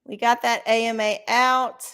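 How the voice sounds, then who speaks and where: A woman's voice: fairly high pitch, little pitch movement, unhurried, fairly bright tone, clean tone. A woman hosting a casual livestream, rambling bluntly with plenty of swearing and self-mockery. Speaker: livestream host doing oracle readings.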